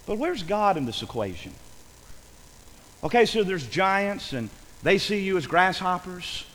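Fervent high-voiced male preacher. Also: sing-song, unhurried, long reverb tail, a little hiss or hum, poor audio. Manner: fervent, often shouting, repeats phrases for emphasis. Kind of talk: sermon.

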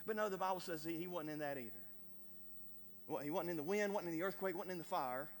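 A man preaching a sermon to a congregation, stammering over repeated words and building to loud emphatic peaks. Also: a little high, quick pace. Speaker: pastor. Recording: long hall reverb.

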